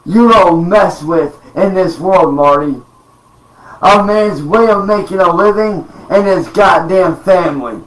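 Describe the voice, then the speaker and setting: Furious profane man, high slow voice. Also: recorded from a distance. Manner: profane, threatening, slow emphatic delivery. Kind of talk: angry rant to camera. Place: home room. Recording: roomy sound, off-mic.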